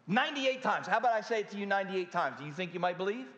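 A man preaching a sermon in a church, pausing dramatically and firing rhetorical questions at the congregation. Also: high-pitched, noisy background. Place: church sanctuary. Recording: echoey hall with long reverb.

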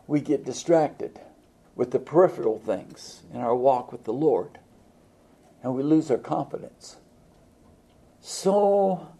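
Male preacher, warm gravelly voice, slightly husky, folksy and halting delivery. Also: on the high side. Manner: folksy, halting, with frequent fillers and restarts. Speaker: pastor. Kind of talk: sermon.

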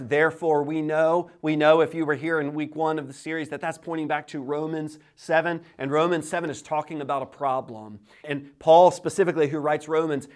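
An energetic male pastor in his thirties delivers a sermon with a slightly higher voice. He talks in a lively, animated way and often doubles his words as he gets going. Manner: repeats words when starting sentences.

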